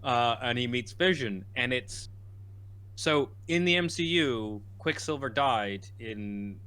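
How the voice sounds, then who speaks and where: Casual male podcast co-host, bright tone, rambling and animated. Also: medium pitch, slow, clean tone. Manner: rambling, animated, quotes characters in lively bursts. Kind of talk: casual chat.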